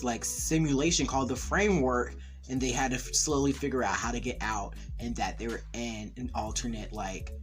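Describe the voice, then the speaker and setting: A man casually recapping and reviewing a TV episode, rambling with lots of "like" and excited fan enthusiasm. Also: mid-range voice. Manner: rambling, heavy use of "like". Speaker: TV series reviewer.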